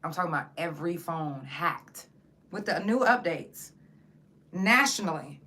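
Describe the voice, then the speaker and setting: A woman's voice: lowish voice, expressive, measured pace, sharp tone. A woman hosting her podcast in a casual, slangy monologue with plenty of profanity. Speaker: podcast host.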